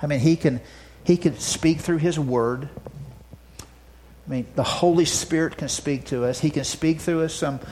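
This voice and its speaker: A man's voice: on the high side, measured pace, slight background noise. Emphatic preacher man. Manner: swings from loud emphatic declarations to soft hushed asides; repeats words and restarts phrases. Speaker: pastor. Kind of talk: sermon.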